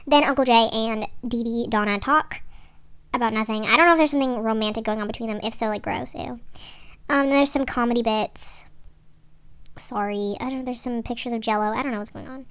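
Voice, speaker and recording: A woman's voice: fairly high pitch, brisk, a bit bright, smooth. Chatty young woman. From San Francisco Bay Area. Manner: chatty, slangy, rambling asides, swears. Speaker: TV show reviewer. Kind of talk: casual recap vlog.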